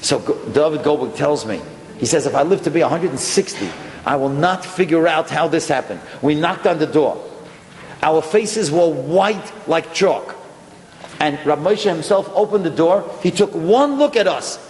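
A man's voice: fairly high pitch, normal speed. A man, a rabbi, telling a story aloud and acting out each person's lines. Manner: animated, acts out dialogue. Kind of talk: storytelling talk. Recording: echoey hall with faint noise.

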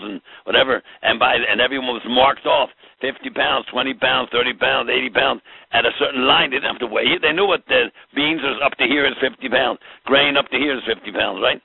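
A man's voice: medium pitch, creaky, breathy edge, no room sound. A man teaching a Torah class, explaining with rhetorical questions and mixing in Hebrew terms. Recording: tinny phone-like line.

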